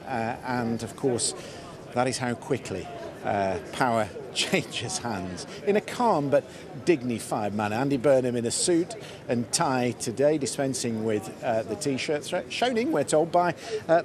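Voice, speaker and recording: A man presenting live news from out on a city street, with clear crowd chatter and passing traffic around him. He questions a remote guest briskly and in a conversational way, then talks viewers through the pictures from the day. The outdoor recording carries the hum of the crowd under his voice. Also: mid-range voice. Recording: outdoor broadcast with crowd noise.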